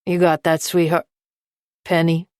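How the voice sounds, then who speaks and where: A woman's voice: on the low side, flat delivery, unhurried, darkish tone, clear, resonant tone, no room sound, clean studio sound, close to an everyday voice. A woman narrator voicing a menacing middle-aged male crime boss who talks in a coarse, threatening way in an audiobook.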